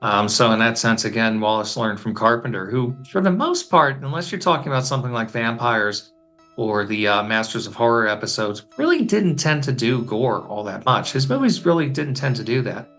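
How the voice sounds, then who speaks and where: A man's voice: mid-range voice, lively intonation, brisk, fairly bright tone, soft background music. Frank-spoken male guest critic. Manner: frank, blunt opinions. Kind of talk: casual conversation.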